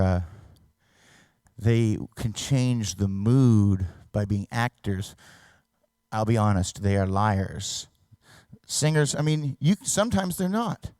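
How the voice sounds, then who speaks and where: Man, from Canada, middle-aged, reflective stage talk, lowish voice, dry close sound. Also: dry recording. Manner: reflective, with sung and shouted demonstrations. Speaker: singer giving a talk.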